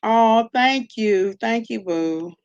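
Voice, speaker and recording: A woman's voice: on the high side, slow pace, darkish tone, clear, resonant tone, muffled recording. Sassy woman talking to her live chat. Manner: sassy, blunt, talks straight to chat. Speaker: live-stream host. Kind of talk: casual live-stream commentary.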